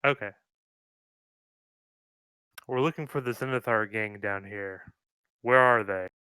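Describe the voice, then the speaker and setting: Bright, matter-of-fact male player. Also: lowish voice, measured pace, clear, resonant tone, no echo. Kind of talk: playing a tabletop game.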